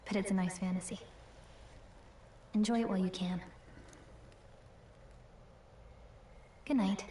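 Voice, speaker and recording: A woman's voice: mid-range voice, fairly even intonation, a little fast, dark tone, slight background noise, natural voice. An actress playing a friendly, teasing young female companion and guide in a game. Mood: reassuring. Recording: roomy distant game audio with faint ambience.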